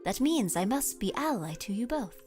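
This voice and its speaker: A woman voicing a theatrical flower spirit of love, reading its lines in a grand, measured, Shakespearean way. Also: on the high side, sing-song. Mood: lofty. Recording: faint game music behind.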